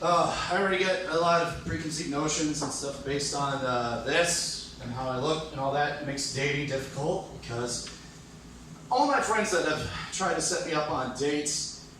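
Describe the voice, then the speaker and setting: A man's voice: a little high, normal speed, sharp tone, a little hiss or hum. A man in his thirties doing a self-mocking stand-up comedy set on a hotel comedy stage. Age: 30s. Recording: echoey room from far off, faint ambience.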